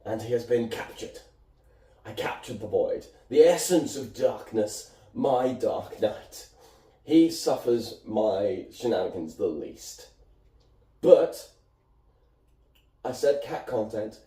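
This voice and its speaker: A man's voice: medium pitch, animated, slow pace, mellow, distant mic. A man chatting casually on his vlog, playful as he shows off his cats. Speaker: vlogger. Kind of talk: casual vlog talking to camera. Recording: roomy echo, voice from off the mic.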